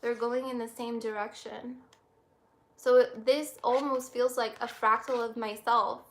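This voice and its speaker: A woman's voice: fairly high pitch, little pitch movement, a little hiss or hum. Emotional woman reading tarot cards. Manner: soft, reflective, halting with many restarts. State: close to tears. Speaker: tarot reader.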